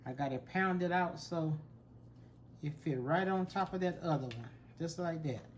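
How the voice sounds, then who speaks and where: A man's voice: a little high, unhurried, slight background noise. A man hosts a home cooking show, chatting in a folksy way while he works. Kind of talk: casual cooking demonstration.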